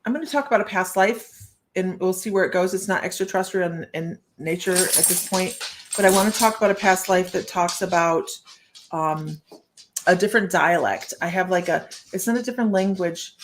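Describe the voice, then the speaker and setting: This psychic reader talks a little fast in a lowish voice, with background noise behind her on the livestream. She rambles chattily, thinking out loud and greeting viewers by name.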